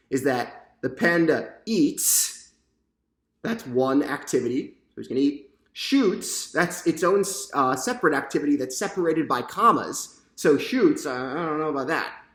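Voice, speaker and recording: A man's voice: medium pitch, a bit bright, echoey room. A man giving a sample lesson on punctuation, explaining step by step and often checking in with "right?". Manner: explanatory, asks the class questions, frequent "right?". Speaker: teacher.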